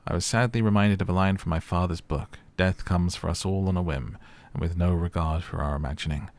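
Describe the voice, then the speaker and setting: A man's voice: low voice, brisk. A young man playing through a story game, reading its text messages aloud and chatting casually about what happens. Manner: reads in-game texts aloud between casual remarks; chatty, uses "like" a lot. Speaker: gaming YouTuber. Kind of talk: let's play commentary.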